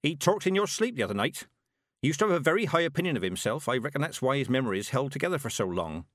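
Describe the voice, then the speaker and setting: A man's voice: mid-range voice, big pitch swings, very fast, fairly bright tone, dry recording, studio quality, pitched above the performer's own voice. A man voicing a proud, stern old witch who speaks curtly and with command. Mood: brusque. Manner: curt, commanding.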